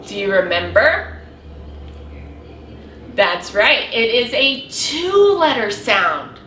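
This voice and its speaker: Woman, preschool teacher, very high voice, lively swooping pitch, slow exaggerated delivery, praising. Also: roomy sound. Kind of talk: early reading lesson for young children.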